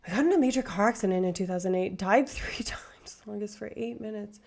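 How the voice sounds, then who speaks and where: Gravelly woman streamer rambling. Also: medium pitch, a little fast, darkish tone. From far north Alberta, Canada. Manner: rambling, tangent-prone, self-deprecating. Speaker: livestreamer. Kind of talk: casual chat reading viewer comments.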